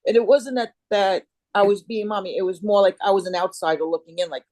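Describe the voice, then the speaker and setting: A woman's voice: mid-range voice, fairly even intonation, fast talker, few pauses, darkish tone, no echo, rough recording. A middle-aged woman chatting as an interview guest, rambling and restarting as she searches for words. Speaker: guest, Kambo facilitator. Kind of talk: casual interview chat.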